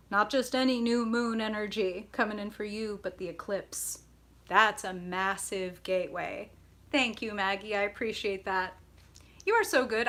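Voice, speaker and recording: A woman's voice: medium pitch, moderate pace, bright, forceful tone. A woman hosting a live tarot stream, bubbly and chatty, greeting viewers by name and laughing often.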